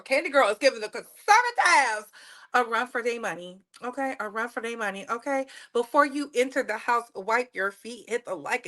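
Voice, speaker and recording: A woman's voice: high voice, pushed and bright. A woman hosting a casual live stream, chatting playfully with viewers and repeating her phrases. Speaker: livestream host.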